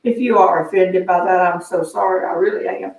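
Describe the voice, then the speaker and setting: A woman's voice: on the low side, steady tone, creaky, darkish tone, very echoey, distant mic, rough recording. An older woman, hosting a live show and telling stories in a chatty, folksy way. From American South. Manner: folksy, chatty, drawn-out delivery. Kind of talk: casual storytelling to online viewers. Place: back porch outdoors.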